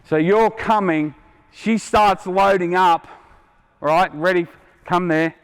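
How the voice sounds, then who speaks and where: Middle-aged Australian male basketball coach, fairly high voice, blunt and wry, echoey gym. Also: slow, clear, resonant tone. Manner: quizzing players, blunt and joking. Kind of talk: on-court coaching clinic. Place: indoor basketball court. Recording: long hall reverb from a gym.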